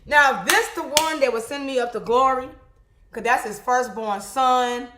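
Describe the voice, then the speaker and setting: A young woman photographer chatting casually to viewers while she edits, talking in an animated, exclaiming way. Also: sits high, normal speed, noisy background. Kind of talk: casual vlog chat while editing photos. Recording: echoey room.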